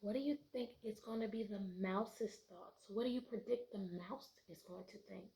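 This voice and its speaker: A woman teacher reading a picture book aloud to children, often stopping to ask questions and giving the narration bright storybook emphasis. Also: mid-range voice, normal speed, gravelly.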